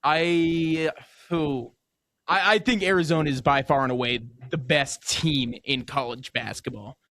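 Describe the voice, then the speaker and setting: A young man co-hosting a local sports radio show, agreeable and casual, with halting restarts. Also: a little high, bright, forceful tone, dry recording.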